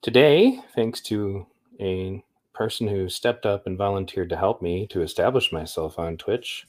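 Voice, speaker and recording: A man's voice: sits low, measured pace. A man hosting a livestream in a rambling, upbeat, chatty way. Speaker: livestream host. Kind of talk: casual livestream chat.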